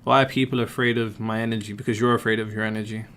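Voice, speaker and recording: A man's voice: lowish voice, little pitch movement, racing, a bit bright, slight background noise. A male host answers viewer questions on a live stream. He talks in an emphatic, explaining way and keeps posing rhetorical questions.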